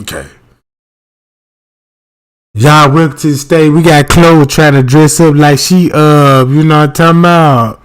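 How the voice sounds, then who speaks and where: In a somewhat high voice, a male streamer drifts through casual commentary, cursing freely and taking his time. He's expressive yet relaxed, repeatedly asking listeners "you know what I'm talking about."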